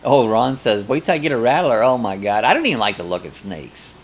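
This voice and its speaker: A man's voice: mid-range voice, very animated, brisk. An older man hosting a live coffee chat, casually reading viewer comments aloud and rambling between them.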